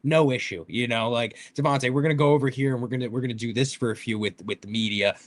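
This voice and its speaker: A man's voice: mid-range voice, steady tone, fast. A man in casual sports podcast chat, telling enthusiastic stories full of fillers and restarts.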